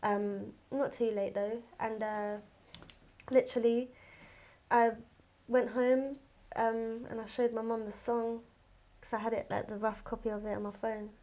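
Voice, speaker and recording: Woman, twenties, fairly high voice, casual interview guest, lively storyteller. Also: a little slow. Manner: lively storyteller who acts out other people's voices. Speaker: rapper, podcast guest.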